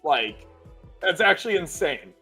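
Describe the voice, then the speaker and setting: A young man hosting a casual sports livestream, laughing nervously as he reads donations out loud. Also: a little high, sing-song, unhurried, slightly rough, faint music behind. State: nervous, excited. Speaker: livestream host.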